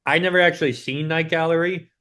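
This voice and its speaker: A man's voice: on the high side, steady tone, fast, bright, forceful tone. A man co-hosting a podcast, chatting loosely with lots of fillers. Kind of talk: casual chat.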